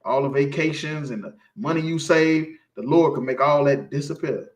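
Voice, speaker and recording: With a fairly high pitch and moderate pace, a man preaches informally on the street, driving home scripture in an emphatic, preachy way. Again and again he asks his listeners "you feel me." The recording sounds roomy.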